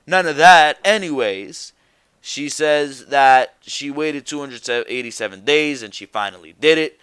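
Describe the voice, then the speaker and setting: A man's voice: mid-range voice, expressive, measured pace, fairly bright tone, smooth, no room sound. A young man reviewing a wrestling show alone, ranting bluntly and swearing freely as he gives his opinions.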